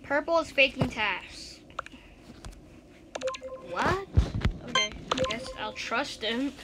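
A woman giving casual gameplay commentary, chatting and reacting out loud to each round as the channel's host. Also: fairly high pitch, animated, slow pace. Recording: noisy home recording.

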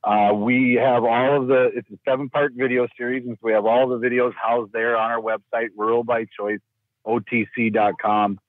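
A man's voice: mid-range voice, flat delivery, normal speed, no room sound. A man from Minnesota, a guest in a casual interview, hesitant with many restarts and fillers. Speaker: guest, county rural initiative coordinator. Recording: tinny phone-like line.

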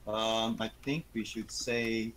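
A man's voice: fairly low pitch, steady tone, slow, a bit bright, slight background noise. A man co-playing a game on a stream, joking with crude, profane banter. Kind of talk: casual gaming chat.

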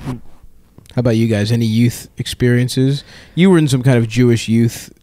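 A man's voice: mid-range voice, normal speed, dark tone, no echo. A man from Baltimore, co-hosting a podcast, telling rambling stories and laughing at his own jokes. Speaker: podcast co-host. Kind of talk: casual comedy chat.

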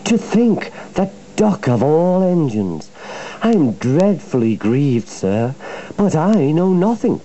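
A scheming diesel engine, voiced by a man, raised and oily in tone. His fawning lines slide up and down in a mellow, unhurried way on a children's storybook tape. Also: on the high side, very animated, dull audio, slight background noise, voice pushed up.

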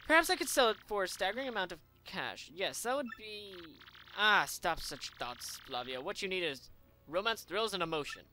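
A vain, grandiose trader with a put-on Spanish accent, as a gamer reads him aloud, making every line a theatrical boast. The delivery swings lively up and down in a bright, forward tone. Faint game music plays underneath. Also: mid-range voice, normal speed, voice pushed up. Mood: pompous, theatrical. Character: flamboyant rich merchant man, vain and dramatic. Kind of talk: let's play reading of game dialogue.

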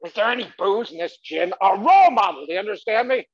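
A man voicing an exasperated middle-aged father who lectures and grumbles loudly, in a dull lo-fi live recording. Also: high voice, very animated, normal speed, breathy edge, full character voice. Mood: grumbling. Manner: loud, scolding, grumbling.

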